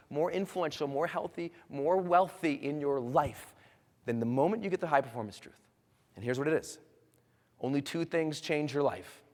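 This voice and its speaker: A man in his thirties giving a motivational seminar speech, building from quiet storytelling to loud rallying cries. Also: fairly high pitch. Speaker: motivational speaker. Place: large hall with a live audience. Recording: long hall reverb.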